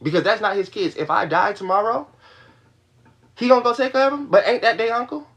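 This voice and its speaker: A man's voice: high voice, brisk, a bit bright. A young man venting to his livestream audience in a heated, profane rush, repeating his points. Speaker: livestream host. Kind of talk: venting to a live stream audience.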